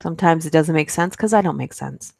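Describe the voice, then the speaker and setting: A woman's voice: sits low, brisk, gravelly, warm tone, no echo, clean studio sound. A woman hosting a live stream, reading creepy stories aloud and chatting with asides between them. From United States. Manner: reads aloud with asides, laughs at herself.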